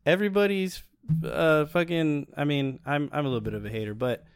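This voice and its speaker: A man co-hosting a podcast in casual chat, relaxed and wry, swearing often. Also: fairly high pitch, brisk, smooth, no echo, studio quality. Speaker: podcast co-host.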